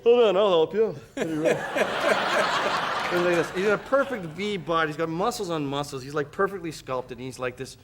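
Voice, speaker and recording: A man from Canada, a talk-show guest, telling a comic story with lively acted-out voices. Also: a little fast. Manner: animated, acts out voices with high shrieks. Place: TV studio with live audience. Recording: TV studio audio, crowd and noise. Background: audience laughter.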